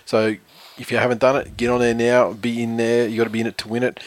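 A man co-hosting a casual sports podcast, rambling and chatty, reading listener reviews aloud slowly. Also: medium pitch, level tone. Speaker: podcast co-host.

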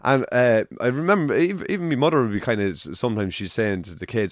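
Low-voiced Irish man from Navan. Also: lively intonation, quick pace, few pauses, no room sound, clean studio sound. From Ireland. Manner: chatty storyteller, swears. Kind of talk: casual chat.

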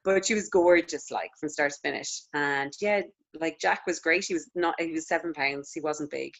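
An Irish lactation consultant in her thirties chats casually as an interview guest, telling stories full of fillers and constant "like." Her voice is low and gravelly, at a moderate pace.

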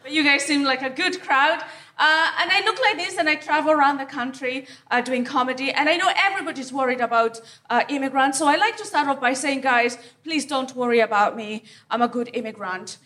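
A woman from Africa doing a live stand-up set on a theatre stage, delivering deadpan punchlines and teasing the crowd. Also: high voice, fairly quick. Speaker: stand-up comedian.

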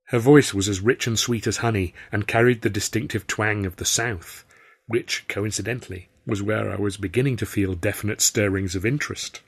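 English man, storybook narration, wry first-person, husky voice, low pitch. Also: fairly even intonation, normal speed. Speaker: author narrating his own novel.

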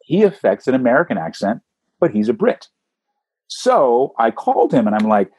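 Husky, lively man telling stories. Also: moderate pace. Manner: animated storyteller, swoops up in pitch for emphasis. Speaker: voice actor guest. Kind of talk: casual interview talk.

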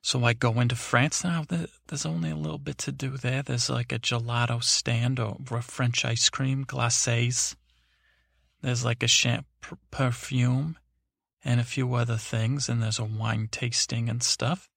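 Gravelly older man telling a sleepy story. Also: medium pitch, fairly even intonation, measured pace, fairly bright tone, dry recording, clean studio sound. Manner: meandering, digressive, self-talking. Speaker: podcast host. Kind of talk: slow rambling sleep storytelling.

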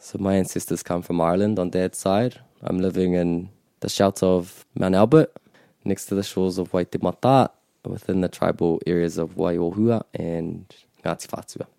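Deep, mellow New teacher. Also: male voice, steady tone, normal speed, vocal fry, no echo, clean studio sound. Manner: patient explaining, switches into Māori phrases. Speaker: language teacher. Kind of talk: relaxed podcast lesson.

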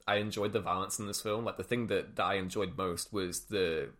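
A young man in his twenties chats about a movie on a podcast, his voice sitting a little low. He rambles with lots of "like" and restarts, eager and warm to the subject. The talk is loose and unscripted. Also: fairly even intonation, brisk. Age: 20s. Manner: enthusiastic, rambling with many fillers and restarts. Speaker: podcast co-host. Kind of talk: casual film discussion.

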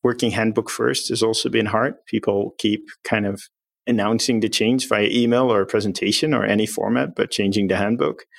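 Low gravelly-voiced executive explaining. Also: male voice, dry recording. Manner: upbeat, plain-spoken explainer. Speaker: company executive, interview guest. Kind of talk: explaining in a remote interview.

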